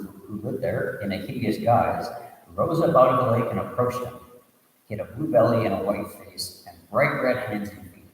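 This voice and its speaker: A man, a reverend, tells a Buddhist tale as a sermon, reading aloud with asides and restarts and giving the characters lively voices. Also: medium pitch. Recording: echoey, reverberant room audio from a distant mic.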